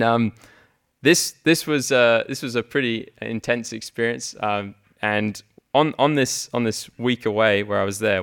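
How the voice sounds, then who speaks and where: Halting young man preaching. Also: fairly low pitch, vocal fry, fairly bright tone, clean tone. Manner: halting, many fillers and restarts, laughs often. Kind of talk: sermon. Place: church hall with congregation.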